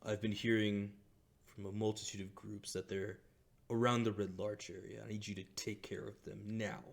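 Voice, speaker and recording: A man voicing a low, scheming crime boss. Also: gravelly. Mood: furious. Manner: calm and measured, flaring into booming rage. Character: scheming male crime boss, vengeful and proud. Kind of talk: tabletop game character voice.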